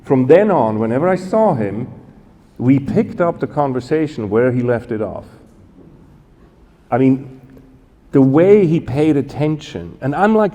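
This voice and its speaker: A man in his fifties from Switzerland, telling a personal story as a guest speaker, halting and correcting himself with many fillers. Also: mid-range voice, sing-song, dark tone. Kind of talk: storytelling talk. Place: church event hall. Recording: long hall reverb.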